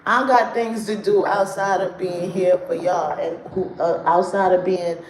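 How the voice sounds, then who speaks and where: A woman's voice: on the low side, steady tone, unhurried. Blunt, profane woman ranting on a livestream. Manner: blunt, profane, rants at chat. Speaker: livestream host doing card readings. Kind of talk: casual livestream chat. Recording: roomy echo, faint noise.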